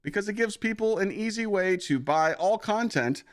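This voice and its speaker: A man doing a hyped-up male sales pitchman, pitched well above his normal voice. The delivery is loud, bouncy and exclamatory, as if every deal is the best deal on earth. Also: lively intonation, normal speed. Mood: hyped salesy.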